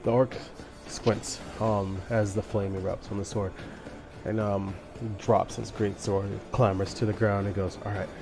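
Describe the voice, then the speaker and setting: A man runs a tabletop game as game master, narrating in a relaxed and hesitant way. His voice sits low. Clear music plays behind him. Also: measured pace.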